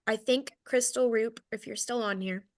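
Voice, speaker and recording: A woman's voice: fairly high pitch, steady tone, moderate pace. A woman in her thirties with a Southern American accent, giving a casual, candid sales training talk, self-deprecating and checking in with "okay?" often. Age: 30s.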